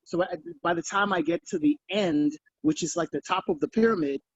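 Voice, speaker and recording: A man in the audience sharing his own method in an earnest, halting way, heard over muffled video call audio. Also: high voice, dry recording. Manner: earnest, halting, repeats himself. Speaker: audience member. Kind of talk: casual question-time comment.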